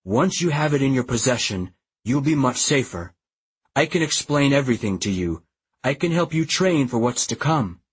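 A man voicing an older male history professor who mutters and lectures in a low, husky, cryptic way. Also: expressive, normal speed. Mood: urgent.

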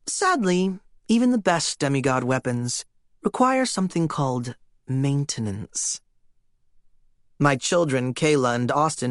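A man's voice: fairly high pitch, dry recording, clean studio sound. A man narrating an audiobook in the first person with a wry, theatrical delivery.

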